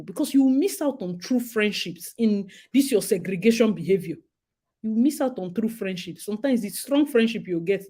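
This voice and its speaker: Animated Nigerian woman chatting. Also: medium pitch. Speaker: host. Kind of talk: casual monologue.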